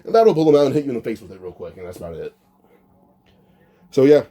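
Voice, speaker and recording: A man's voice: medium pitch, very animated, fast talker, mellow. A man casually retelling an imagined anime storyline off the cuff, rambling with frequent restarts and filler words.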